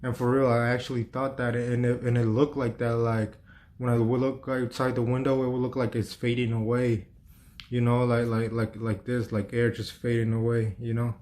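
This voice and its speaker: A man talking through a personal story in a casual, meandering way. His voice stays flat, with little rise and fall. He leans on fillers, restarts himself often and swears freely. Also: mid-range voice, normal speed. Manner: rambling, filler-heavy, frequent restarts and swearing.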